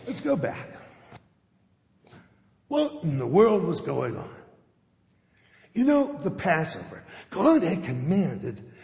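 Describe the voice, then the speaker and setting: A man's voice: on the high side, huge pitch swings, takes it slowly, creaky, long pauses, darkish tone. A male pastor giving a sermon in a church sanctuary, telling the story conversationally and often checking in with his listeners. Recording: echoey sanctuary with long reverb.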